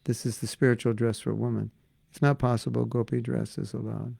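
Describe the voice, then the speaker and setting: Older man, gravelly voice, dry close sound, casual spiritual teacher. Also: mid-range voice, level tone, brisk, warm tone, dry recording. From United States. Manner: chatty, answers questions from the audience; breaks into chanted prayers. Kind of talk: informal devotional class.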